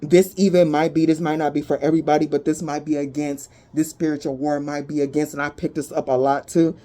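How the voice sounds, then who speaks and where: A woman's voice: low voice, level tone, fairly quick, mellow. A woman giving a casual spoken tarot reading, talking bluntly and animatedly, with frequent swearing. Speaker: tarot reader.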